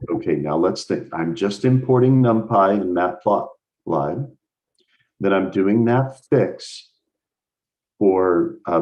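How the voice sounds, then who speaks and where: A man's voice: low voice, darkish tone. An American man teaching a live math lesson over a video call, explaining with enthusiasm and thinking aloud as he goes. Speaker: instructor.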